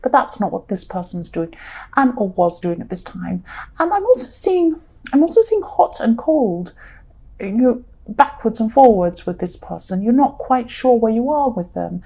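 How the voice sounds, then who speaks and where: A tired woman with a croaky voice, giving a rambling tarot reading and repeating herself often. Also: on the high side, very animated, normal speed, mellow. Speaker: tarot reader.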